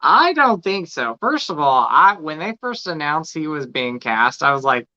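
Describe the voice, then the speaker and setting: Lively, bright-voiced man on a lo-fi line. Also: fairly high pitch, normal speed, hardly any pauses. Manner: animated and joking. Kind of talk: casual chat. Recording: lo-fi remote audio.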